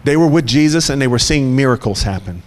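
A man's voice: mid-range voice, lively intonation, fast, big-room sound. A male pastor preaching a sermon with emphatic delivery and repeated phrases.

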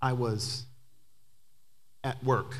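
A man's voice: medium pitch, steady tone, very slow, fairly bright tone. A man preaching a sermon as pastor, telling a story and building to emphatic, climbing passages.

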